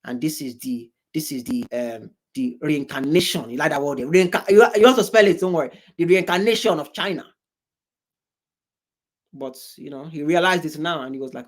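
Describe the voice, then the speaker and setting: A man's voice: on the high side, normal speed. A man hosting a reaction video, commenting in a mocking way and mimicking the people he watches.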